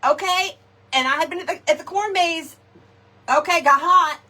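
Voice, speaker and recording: A woman telling a funny personal story to her viewers in a chatty, animated way, tossing in "y'all" and "okay" often. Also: extremely high pitch, normal speed. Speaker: craft shop host.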